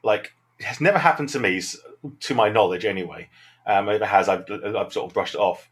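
A man's voice: lowish voice, a little fast. A man with a Southern English accent, an improv teacher talking through his thoughts in a reflective, rambling interview answer.

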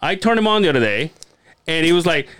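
A man co-hosting a podcast in casual chat, telling animated stories, acting out quotes and swearing freely. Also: a little high, fast, clean tone, dry recording. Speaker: podcast co-host.

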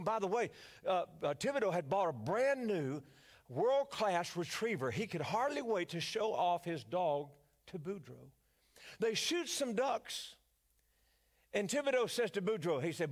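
A man's voice: sits high, expressive, normal speed. An older male pastor with a Louisiana accent, preaching a sermon as a folksy, joking storyteller.

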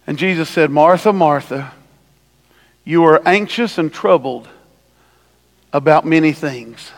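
A male pastor preaching a sermon, swinging from hushed asides to loud, lively emphasis. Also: on the high side, measured pace, pauses often, big-room sound. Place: church sanctuary.

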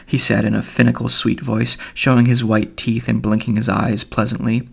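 A man narrating literary fiction for an audiobook. His voice sits at a middling pitch with a gravelly, creaky texture. He reads in a measured way and sometimes stumbles and corrects himself. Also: flat delivery. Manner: measured, with occasional slips. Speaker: audiobook reader.

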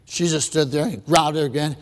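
A male preacher tells his story with theatrical swings from loud shouts to near whispers, stopping to quiz the crowd. His voice sits high for a man. The sermon echoes with a long reverb in a big hall. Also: steady tone, quick pace. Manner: dramatic, swings from shouting to hushed, asks the crowd questions.

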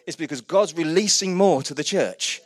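A man preaching a sermon, retelling Bible stories with humour and animated quoted voices. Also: on the high side, normal speed, dry recording. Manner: lively storytelling, voices quotes, laughs at own jokes.

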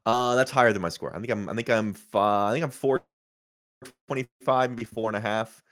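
A man's voice: medium pitch, a little fast, fairly bright tone. A man co-hosting a casual livestream review chat, thinking aloud and often repeating words as he hesitates. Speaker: co-host.

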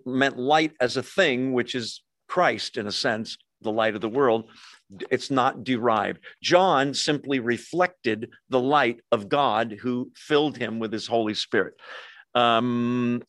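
A middle-aged man preaches in a relaxed, conversational way and breaks off for quick jokes with the congregation. His voice sits at an everyday pitch for a man. The sound is dry and close, with almost no room around it. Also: no echo. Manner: conversational, jokey asides to the congregation. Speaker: pastor. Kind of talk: sermon.

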